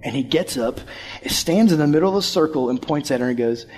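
A young adult man preaching a sermon, telling a personal story in an animated way and acting out voices from it. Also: a little high, a little fast. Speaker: youth pastor.

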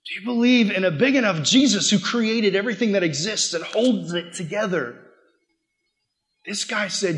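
A young man preaching a sermon to a youth group, swinging between loud emphatic bursts and quiet asides. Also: high voice, moderate pace. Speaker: youth pastor.

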